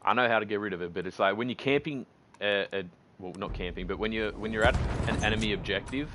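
A chatty, excitable man with a fairly low voice, talking through a live game stream. He swears freely and keeps up the banter, while the gunfire of the game can be heard clearly under his voice. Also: fast, background noise. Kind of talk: casual live-stream commentary.

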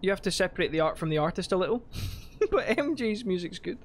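A man hosting a casual let's-play, excitable and swearing, with sudden loud shouted bursts between muttered remarks. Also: sits high, fast, slight background noise. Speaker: gaming host.

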